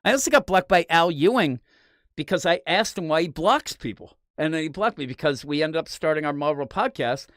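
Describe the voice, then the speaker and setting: Comics podcast host, rambling storyteller, pitch jumping all over, dry close sound. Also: a little fast, no echo. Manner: rambling, animated, profane storytelling. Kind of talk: casual chat.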